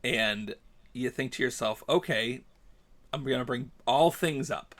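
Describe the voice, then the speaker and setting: A man's voice: medium pitch, unhurried. A man on a podcast, casually telling a story and acting out the dialogue with rising animation. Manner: animated, acts out dialogue, gets heated. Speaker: podcast host.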